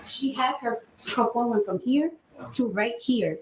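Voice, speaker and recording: A woman testifying as a witness in a courtroom, telling her story in an animated way and acting out the dialogue. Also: a little high, measured pace, a little hiss or hum, rough recording.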